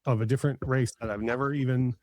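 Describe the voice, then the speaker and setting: A man's voice: medium pitch, fairly even intonation, fast talker, a little mellow, no room sound. A middle-aged man chatting casually as a podcast host, enthusiastic and rambling with many fillers and restarts. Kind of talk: casual chat.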